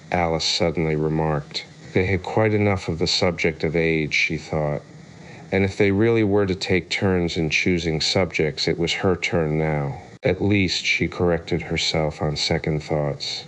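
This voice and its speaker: A man narrating a classic storybook in a measured, storytelling way. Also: low-pitched, fairly even intonation, slight background noise. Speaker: audiobook narrator. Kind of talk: scripted narration.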